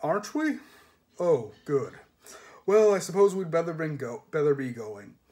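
Storybook sledge driver, male, heavy slow voice, puzzled, a man reads it. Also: fairly high pitch, big pitch swings, a little mellow.

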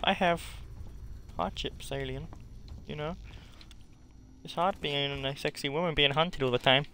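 A man streaming a video game live, jokingly pleading with the monster, swinging from loud exclamations to hushed mutters. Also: on the high side, measured pace, pauses often, clear, resonant tone. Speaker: gaming streamer.

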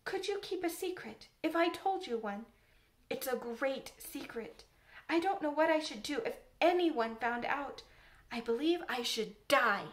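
A woman reading aloud and voicing a shy, earnest little girl who speaks slowly and hesitantly. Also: sits high, expressive. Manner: slow, hesitant, eager.

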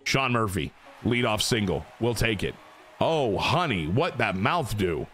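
Excitable young man calling game plays. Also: lowish voice, measured pace, a little hiss or hum. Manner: excitable, swears a lot, cheers and groans at each play. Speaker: streamer playing a baseball video game. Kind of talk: casual gameplay commentary to chat.

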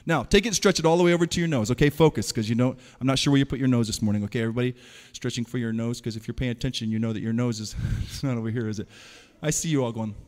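A man performing an interactive stage show for children, playfully calling out quick commands and teasing his audience. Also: mid-range voice, darkish tone. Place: large hall. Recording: long hall reverb.

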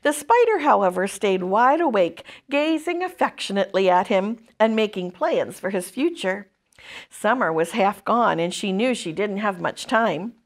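A woman from a church children's ministry reading a chapter book aloud to children in an expressive way. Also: medium pitch, normal speed.

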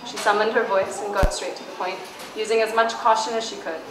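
A woman's voice: mid-range voice, little pitch movement. A woman reading aloud from her own novel at a book launch, giving the dialogue some emphasis. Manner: reads dialogue with emphasis, casual and halting when answering. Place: bookstore event space. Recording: echoey room, far from mic, background noise.

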